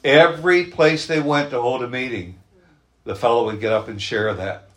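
A man's voice: mid-range voice, a bit bright. Earnest male preacher telling stories. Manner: earnest storytelling, slows down for emphasis. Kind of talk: sermon.

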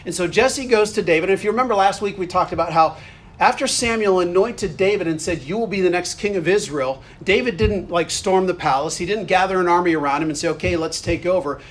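A man preaching a sermon as a pastor, earnest and conversational, with bursts of animated energy. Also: high-pitched, a little fast.

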